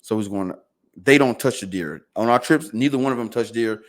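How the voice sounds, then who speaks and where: A man's voice: medium pitch, fairly quick. A man, a podcast guest casually telling a long personal story, full of fillers and repeated words. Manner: fillers and repeated words, quoting others in dialogue.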